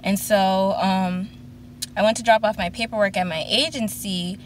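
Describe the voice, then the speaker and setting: A woman's voice: medium pitch, fairly even intonation, normal speed, a little hiss or hum. Chatty young woman telling a story. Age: 20s. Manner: chatty storytelling, acts out quoted voices. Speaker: vlogger. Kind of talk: casual chat.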